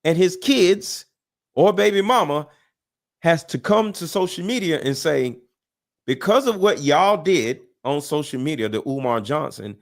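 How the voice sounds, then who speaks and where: A man's voice: a little high, expressive, unhurried. A man arguing heatedly in a debate, emphatic and profane, cutting in with "listen" and "hold on". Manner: emphatic, repeats himself, profane; interrupts with 'listen' and 'hold on'. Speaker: guest debater.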